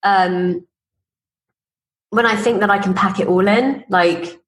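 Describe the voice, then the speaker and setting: Her voice is medium-pitched and steady, and she speaks slowly over a rough recording. A business coach appearing as a podcast guest, she tells personal stories in a chatty manner, performing quoted dialogue and laughing while she talks.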